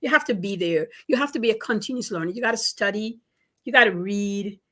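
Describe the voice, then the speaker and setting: A woman business coach giving advice in an interview, animated and emphatic, repeating her points for stress. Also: mid-range voice, brisk.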